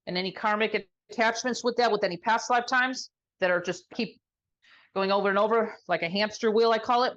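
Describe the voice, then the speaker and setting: A woman sound healer guiding an energy healing session, talking slowly and soothingly. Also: medium pitch, fairly bright tone, lo-fi sound.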